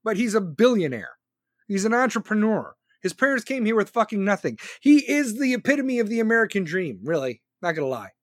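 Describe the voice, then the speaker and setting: A man in his forties with a fairly high voice, rambling bluntly through a profane political rant. The sound is dry and close, with no room around it. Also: sing-song, a little fast, no room sound. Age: 40s. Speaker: podcast host.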